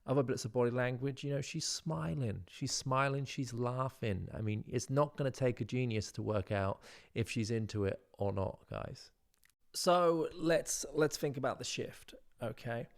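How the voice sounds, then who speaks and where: A man dating coach talking straight to his viewers in a relaxed, conversational way, often checking in with "right?" and slowing his voice to show how a line should land. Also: mid-range voice, vocal fry. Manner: conversational, repeats "right?", demonstrates lines by slowing his delivery. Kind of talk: instructional talk to camera.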